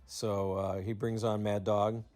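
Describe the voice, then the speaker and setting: A man's voice: on the low side, flat delivery, measured pace, a little mellow, soft background music. A man hosting his channel and casually recapping a radio show, rambling and laughing as he retells it. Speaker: channel host.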